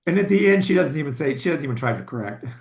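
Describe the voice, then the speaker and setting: A man's voice: on the high side, lively intonation, fast talker, creaky. A man co-hosting a podcast, chatting casually and knowledgeably about old films, sometimes teasing. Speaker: podcast co-host. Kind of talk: casual chat. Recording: echoey room.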